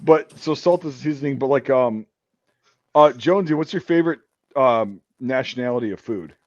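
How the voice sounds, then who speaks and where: An American man hosting a loose chat show, rambling and full of fillers, with casual swearing. His voice is mid-pitched. The sound is dry and a little dull. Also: moderate pace, dry recording. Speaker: podcast host.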